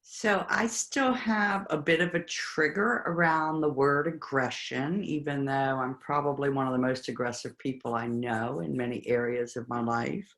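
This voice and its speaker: A participant in a spiritual study group, sharing personal reflections in a halting, reflective way with pauses between words. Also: medium pitch, steady tone, fairly bright tone.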